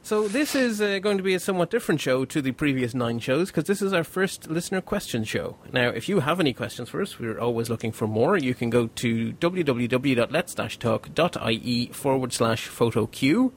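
A man hosting a casual photography panel podcast, talking in a relaxed, rambling way with plenty of filler words. His voice sits at an ordinary middle pitch, neither high nor low. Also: a little fast, few pauses. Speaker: podcast host.

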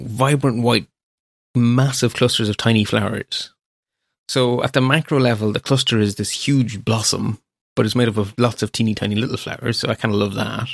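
A man's voice: lowish voice, creaky, dry recording, studio quality. A man hosting a podcast, talking in an enthusiastic, meandering, descriptive way. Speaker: podcast host. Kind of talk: casual solo podcast talk.

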